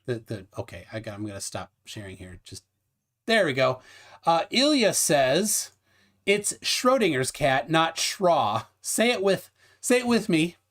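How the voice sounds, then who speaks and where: A man's voice: fairly high pitch, unhurried. A man hosting a casual livestream debate, reading chat aloud and explaining with frequent restarts. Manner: animated, many restarts, reads chat aloud. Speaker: livestream host.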